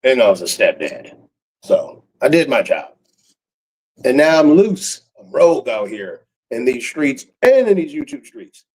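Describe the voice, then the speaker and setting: A man's voice: mid-range voice, very animated, measured pace, darkish tone, husky, rough recording. A man YouTuber talking in a casual rambling monologue, full of street slang, chuckles and trailing fillers.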